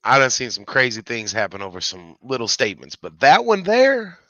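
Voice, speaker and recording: A man co-hosting a podcast, joking in an animated, profane way with streetwise slang. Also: mid-range voice, brisk, dull audio. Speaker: podcast co-host. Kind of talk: casual banter.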